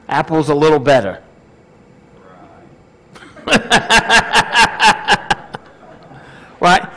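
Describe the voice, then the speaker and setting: High-voiced male pastor preaching casually. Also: fairly bright tone, poor audio. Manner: conversational, asks the congregation questions. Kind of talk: sermon.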